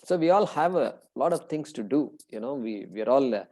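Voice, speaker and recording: A middle-aged man leads a scripture class in a relaxed, conversational way. His voice sits at an ordinary middle pitch. He talks loosely with plenty of fillers and slows down to chant Sanskrit terms. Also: low-quality recording. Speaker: Vedanta teacher.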